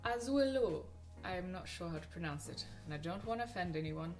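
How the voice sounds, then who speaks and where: A woman's voice: fairly low pitch, fast, soft background music. A young woman casually talking about favourite films, chatty and gushing, with frequent ums and restarts. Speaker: film vlogger. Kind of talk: casual film recommendations to camera.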